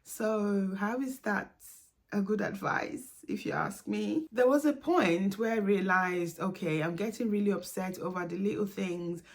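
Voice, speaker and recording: A young woman speaks straight to camera as a single mother sharing her own story in a vlog. Her voice sits at an ordinary middle pitch for a woman. She talks in a confiding, personal way and laughs lightly from time to time. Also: unhurried. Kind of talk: candid talking-to-camera vlog.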